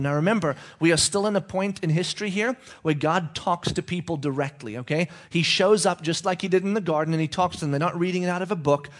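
Casting note: male preacher, casual conversational sermon, voice sitting a bit high, keeps checking in with "okay?".

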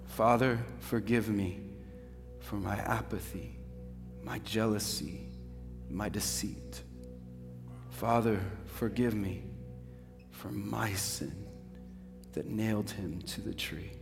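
A man speaking an earnest prayer of confession, moving between hushed and fervent. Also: on the low side, takes it slowly, creaky, pauses often. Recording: reverberant hall over instrumental music.

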